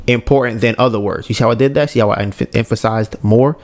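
A man's voice: medium pitch, quick pace, hardly any pauses. Laid-back, rambling male podcast host. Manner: laid-back, admits a monotone delivery; rambling, self-correcting, swears casually. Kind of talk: casual podcast chat.

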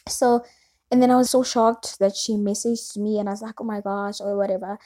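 A woman's voice: medium pitch, fairly even intonation, brisk, warm tone. A young woman talking casually to her camera at home, rambling on with lots of fillers. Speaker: vlogger.

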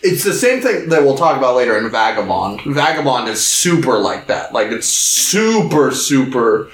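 A man co-hosting a podcast, chatting casually about films and acting out quotes in sudden high voices. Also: sing-song, a little fast. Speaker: podcast co-host. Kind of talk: casual film discussion. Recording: roomy echo.

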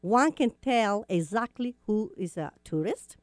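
A woman with an Italian accent hosting a radio show, chatting and laughing in a lively, casual way. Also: mid-range voice, unhurried, no echo, clean studio sound. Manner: animated, chatty, laughs often.

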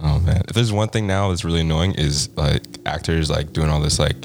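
A man's voice: rumbling low, brisk, a little hiss or hum. A man in casual chat with friends, agreeable and often backing the others up with "yeah, yeah".

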